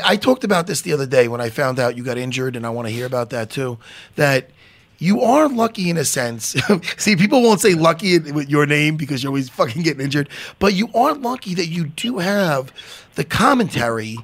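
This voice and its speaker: A man with a husky, slightly raised voice hosts a podcast in loose, rambling fashion. His pitch swings widely as he jokes about himself and swears freely. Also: sing-song, fairly quick, a bit bright. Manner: rambling, self-deprecating, swearing. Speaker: podcast host. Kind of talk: casual interview chat.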